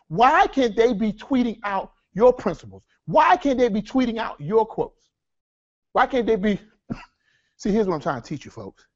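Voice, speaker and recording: Man, high voice, lively seminar presenter, dull lo-fi room sound. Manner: energetic, addresses audience as folks, asks rhetorical questions. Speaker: seminar speaker. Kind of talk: live workshop teaching.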